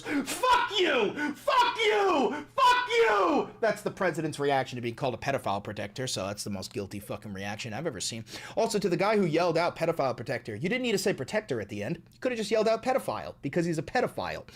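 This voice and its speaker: Fired-up, cursing male livestream host. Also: fairly high pitch. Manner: angry, profane, repetitive. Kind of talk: political livestream rant.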